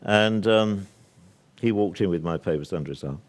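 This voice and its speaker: A man's voice: low-pitched, normal speed. An older British man giving a public talk to a live audience, assertive and discursive, with many fillers and asides. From Britain. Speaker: speaker at a workshop.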